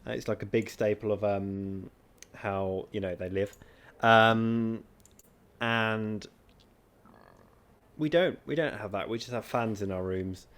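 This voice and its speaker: A man's voice: on the low side, takes it slowly, a bit bright. Rambling young British man, chatty host. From Britain. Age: young adult. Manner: rambling with many fillers. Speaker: podcast co-host. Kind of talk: casual chat.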